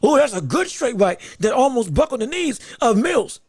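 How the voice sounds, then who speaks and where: High-voiced man calling a fight live. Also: husky, dry recording. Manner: rapid play-by-play, excited outbursts, talks to the chat. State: hiccups. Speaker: podcast host and boxing commentator. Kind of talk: live round-by-round boxing commentary.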